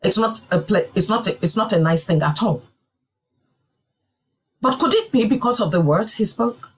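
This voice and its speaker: A woman pastor delivers a sermon in a husky, slightly breathy voice of middle pitch. She drives her points home by stacking short, emphatic phrases one after another, steady and insistent. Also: moderate pace, poor audio. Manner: emphatic preaching with repeated phrases.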